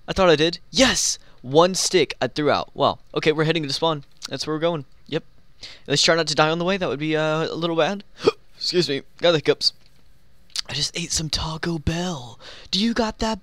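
A young man giving excitable, joking commentary while playing a game, talking to himself and the players around him. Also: a little high, moderate pace, no echo. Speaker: gaming YouTuber. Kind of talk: live Minecraft gameplay commentary.

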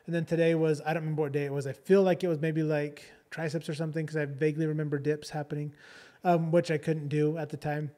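A man's voice: a little high, little pitch movement, fast talker, warm tone. A man co-hosting a podcast, telling a story in a chatty, casual way and often checking in with "right?". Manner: chatty, keeps adding "right?" and "like". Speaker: podcast co-host.

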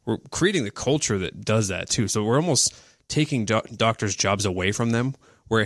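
A man's voice: lowish voice, brisk, a bit bright, dry recording, clean studio sound. A man co-hosting a podcast, blunt and casual in discussion. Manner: blunt, casual, a bit profane.

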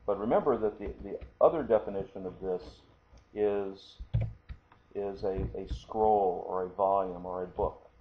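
A man's voice: deep voice, a little slow. A man teaching a lesson, explaining patiently and often checking in with the listener. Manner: patient, explanatory, frequent "okay?" check-ins. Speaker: martial arts instructor. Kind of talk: screen-recorded lesson. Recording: tinny phone-like audio, faint hiss.

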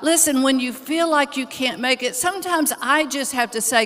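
A woman preaching to a congregation, speaking in a fairly high voice. She tells a personal story in an earnest, animated, conversational way. The sound carries a long reverb from a large church hall. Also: moderate pace. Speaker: co-host preacher. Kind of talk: conversational sermon.

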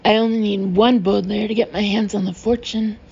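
A scheming storybook villain sneers his threats slowly, voiced by a woman. The tone is gravelly and dark, mocking everyone he speaks to. The recording is muffled with faint hiss. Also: medium pitch, steady tone. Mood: sneering. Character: scheming villainous adult male count.

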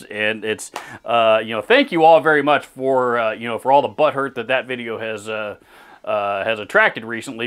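Mid-pitched male host, casual on-camera rant, blunt and profane, laughs easily, restarts sentences. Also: fairly bright tone, clear, resonant tone. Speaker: channel host reading viewer comments. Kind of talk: casual rambling commentary. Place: indoor room with gear on the wall behind him.

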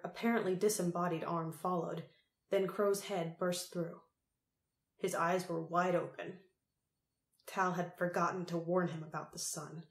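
A woman narrating an adventure audiobook in a steady, expressive reading. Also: lowish voice. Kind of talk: scripted narration. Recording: echoey room.

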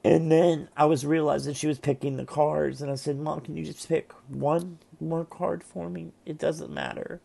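A man who reads tarot, talking to camera at home in a heartfelt, halting way with many restarts and pauses. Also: on the high side, steady tone, gravelly, dark tone, slightly rough. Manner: halting and emotional, with frequent restarts. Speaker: tarot reader and vlogger. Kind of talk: casual heartfelt monologue to camera. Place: at home, seated in a chair.

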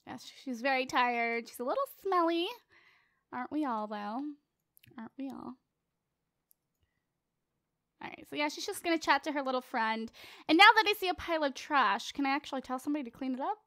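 High-voiced chatty teen girl gamer. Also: expressive, quick pace, sharp tone, no echo, studio quality. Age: late teens. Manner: chatty, playful, jokes with viewers. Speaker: let's play host. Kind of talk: casual gameplay commentary.

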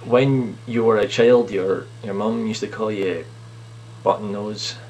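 A man's voice: fairly low pitch, fairly even intonation, measured pace, darkish tone, highs cut off, a little hiss or hum. A man talking with himself in a casual improvised comedy skit, rambling and self-mocking, recorded at home on a camera in his sitting room. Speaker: video blogger playing himself and his clone. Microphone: camera on a TV unit.

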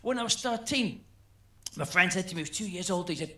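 Man, stand-up comedian, animated storyteller, high voice, echoey venue. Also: a little fast. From Scotland. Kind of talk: stand-up routine.

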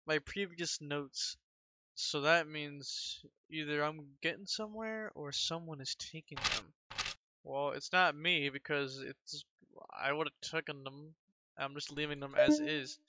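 A man commenting on a horror game as he plays, easily frightened, repeating himself over and over and yelling and swearing in alarm. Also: fairly high pitch, unhurried. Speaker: gaming channel host. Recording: dull lo-fi with game music. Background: game soundtrack music.

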